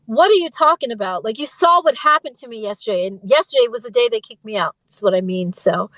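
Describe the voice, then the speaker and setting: High-voiced, emphatic woman guest. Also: fast talker, a bit bright, no echo, rough recording. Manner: emphatic, aggrieved, frank. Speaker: interview guest, former group singer. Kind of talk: candid interview.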